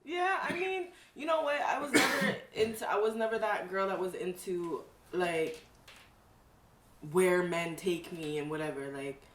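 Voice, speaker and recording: A woman co-hosting a podcast from her home, talking in a relaxed, somewhat hesitant way. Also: on the low side, a little slow. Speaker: podcast co-host. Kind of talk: casual chat. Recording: roomy and distant with faint hiss.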